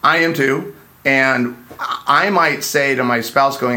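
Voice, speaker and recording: A man's voice: medium pitch, slow pace, sharp tone. A man hosting a casual podcast for couples with an easygoing, playful manner. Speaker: podcast host, couples counselor.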